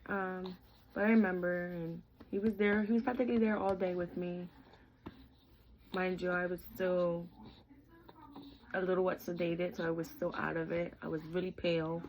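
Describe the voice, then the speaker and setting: A woman's voice: on the low side, flat delivery, normal speed, darkish tone, slight background noise, poor audio. A young woman vlogging, telling a personal story in a candid, heartfelt, chatty way, full of "like" and "literally".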